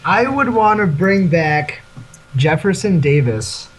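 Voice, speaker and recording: A man's voice: high voice, animated, slow pace, slight background noise, low-quality recording. A young man as a podcast guest in casual chat, giving brief matter-of-fact answers.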